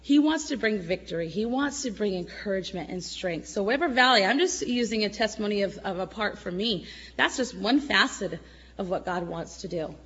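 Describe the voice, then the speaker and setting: A middle-aged woman giving an emotional church testimony, at times tearful, swinging between loud exclamations and soft murmurs. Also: mid-range voice, expressive, fairly quick, husky, muffled recording.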